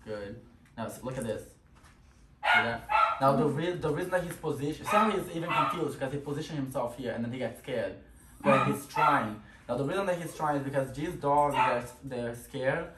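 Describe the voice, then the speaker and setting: A man's voice: medium pitch, moderate pace. A man working as a dog trainer, explaining to the owners while he trains, talking in short bursts that break off into commands to the dog. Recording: echoey room, distant mic, noisy background.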